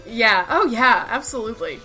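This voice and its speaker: A woman's voice: fairly high pitch, animated, moderate pace, pushed and bright, low-quality recording. Woman, podcast co-host, casual chat, opinionated, faint music underneath. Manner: opinionated, chatty.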